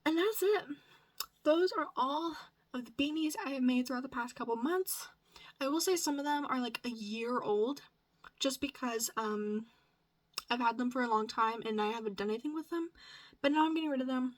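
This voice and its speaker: A woman's voice: high-pitched, moderate pace. A young woman from the Midwest chatting casually in a crochet vlog, gushing, swearing freely, and sometimes dropping into a whisper, her voice cracking. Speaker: crochet vlogger. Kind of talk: casual chat.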